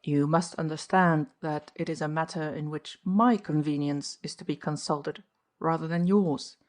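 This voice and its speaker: A woman reading aloud, voicing a suave, domineering older gentleman who speaks slowly and condescendingly. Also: deep voice, steady tone, close to an everyday voice.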